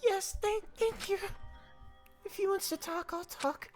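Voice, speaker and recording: A man voicing a frightened, timid young girl in falsetto, acting out a game character live. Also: a little slow, soft background music. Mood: scared.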